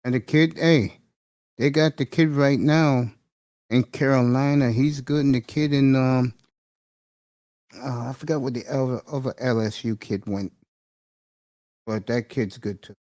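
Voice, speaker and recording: A middle-aged man hosts an easygoing morning chat stream, speaking in loose slang and breaking into laughter between remarks. His voice is dark and mellow, sitting at an ordinary middle pitch. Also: steady tone, measured pace, pauses often. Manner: laughs often, loose slangy banter with listeners. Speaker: host of a morning talk show. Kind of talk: casual live-stream chat.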